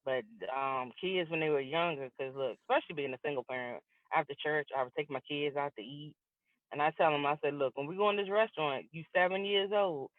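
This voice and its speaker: Over a video call, a middle-aged woman comedian performs stand-up, telling stories and playing both sides of every conversation as a lively storyteller. Her voice is low-pitched and brisk, with no echo, and the video-call audio sounds tinny and dry.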